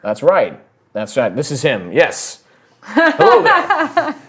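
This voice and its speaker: Casting: man playing a friendly, charming farmhand warden, lively delivery. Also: a little high, slow, vocal fry, voice pushed up, exaggerated voice. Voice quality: easygoing drawl.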